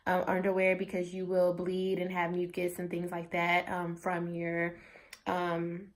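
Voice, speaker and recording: A woman's voice: lowish voice, unhurried. A young adult woman vlogging, telling a personal story in a casual, chatty way, saying "like" constantly and acting out what others said. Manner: chatty, animated, says "like" constantly, acts out quotes.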